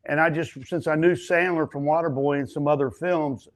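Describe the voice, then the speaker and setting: An older man with a fairly high voice tells stories from movie sets as an interview guest. He talks loosely, with fillers and restarts, and acts out other people's lines when he quotes them. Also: fairly even intonation, a little fast. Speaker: stuntman and actor, interview guest. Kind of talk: casual storytelling interview.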